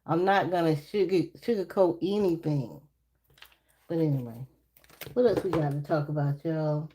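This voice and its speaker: A woman's voice: normal speed, noisy background. A woman reading tarot on a casual live stream, chatty and laughing often as she talks to her viewers. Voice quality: naturally deep voice. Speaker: livestream tarot reader.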